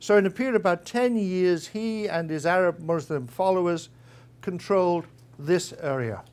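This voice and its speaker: A man's voice: high voice, a little mellow. A man giving an academic guest lecture, conversational and wry, with frequent small hesitations. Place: university lecture room.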